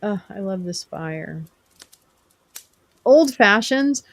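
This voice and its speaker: This chatty woman streamer from California has a medium-pitched, animated voice and speaks slowly, with no room sound. Hosting a live stream, she rambles, teases, and answers viewers in chat by name.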